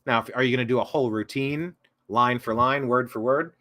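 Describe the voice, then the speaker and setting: A male political talk show host with a bright, forceful voice. He rambles casually through viewer comments, and he keeps correcting himself with mocking sarcastic asides. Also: mid-range voice, fairly quick.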